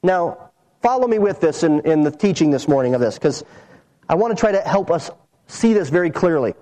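A pastor preaching a sermon and explaining a verse, earnestly teaching and slowing down to stress key phrases. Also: male voice, a little high, lively intonation, dark tone, low-quality recording.

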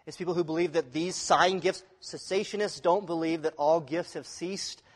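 A pastor giving a sermon in a conversational way, asking the congregation questions. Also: male voice, on the high side, fairly even intonation, moderate pace, in a large hall.

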